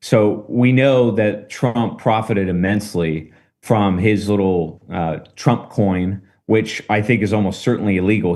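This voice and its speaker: A man talking through current politics in a casual discussion, measured and emphatic, with rhetorical questions. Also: on the low side, a little mellow. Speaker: political commentator.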